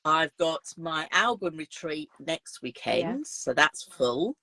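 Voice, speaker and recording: A woman's voice: low voice, sing-song, slow, pushed and bright, no echo. A woman, a craft teacher chatting in an interview and explaining her retreats in chatty detail. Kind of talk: casual interview chat.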